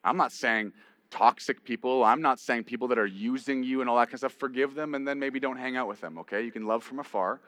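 A man preaching a sermon as pastor, rising to emphatic peaks and dropping to a quiet storytelling voice. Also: medium pitch, fast, dry recording.

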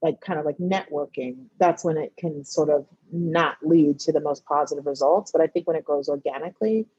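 A woman's voice: sits low, fairly quick, mellow, husky, dry recording, lo-fi sound. A woman television writer and producer chatting as a guest in an interview, telling stories animatedly and acting out what her friends say. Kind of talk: casual interview chat.

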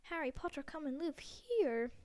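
A woman's voice: high voice, big pitch swings, moderate pace, warm tone, pitched above the performer's own voice. A woman voicing a stern older female witch professor, her voice trembling and pleading, at times half-whispered, in a storybook reading. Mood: alarmed.

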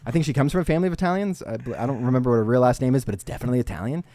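A man's voice: mid-range voice, rapid-fire, dark tone, slight background noise. A young man co-hosting a podcast, talking through a film review in a rambling, enthusiastic way. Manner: rambling and enthusiastic, many restarts. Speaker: podcast co-host. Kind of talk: casual film review chat.

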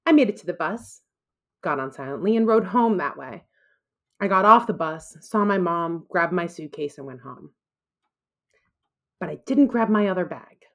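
A woman's voice: fairly low pitch, animated, moderate pace, long pauses, fairly bright tone. Woman in her thirties telling a personal story. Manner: earnest, self-deprecating, emotional.

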